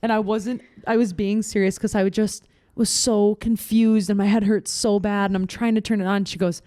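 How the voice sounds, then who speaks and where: A woman's voice: mid-range voice, level tone, moderate pace, dark tone, no echo, clean studio sound. A woman in her twenties co-hosting a podcast, telling candid stories in a rambling, filler-heavy way. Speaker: podcast co-host. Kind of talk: casual chat.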